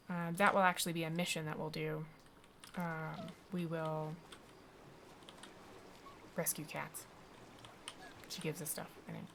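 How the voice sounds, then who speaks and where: A woman streaming a video game, rambling casually and pausing on frequent ums. Her voice is gravelly and on the low side, with a faint hiss in the background. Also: flat delivery, a bit bright. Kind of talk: casual gameplay commentary.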